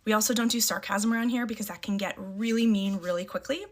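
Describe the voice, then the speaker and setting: A middle-aged mother talks straight to camera in a casual, emphatic way. She drops into short, firm catchphrases and repeats them for weight, with a voice pitched right in the ordinary middle range for a woman. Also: fast talker, slight background noise. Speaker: parent sharing parenting advice.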